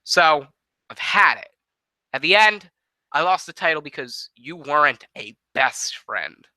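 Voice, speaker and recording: Man doing an aggrieved wrestler's rant, bright, sharp and profane. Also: on the high side, big pitch swings, a little slow, no room sound, exaggerated voice. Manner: ranting, profane. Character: aggrieved male wrestler ranting at his former best friend.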